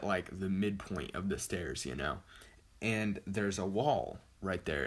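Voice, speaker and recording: On his vlog, a young man tells a story casually, rambling and correcting himself while leaning heavily on "like" and "you know." His voice is lowish but fairly bright in tone.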